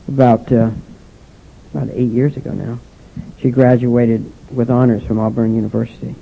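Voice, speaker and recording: An older man giving a personal testimony speech about his recovery, halting and restarting often with "and, uh". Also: medium pitch, gravelly, breathy edge. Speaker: speaker sharing his recovery story. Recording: dull lo-fi recording.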